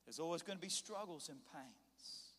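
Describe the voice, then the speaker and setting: A man preaching a sermon, telling a scripture story and acting out its scenes with animated voices. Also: a little high, moderate pace, a little hiss or hum. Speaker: pastor. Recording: long hall reverb.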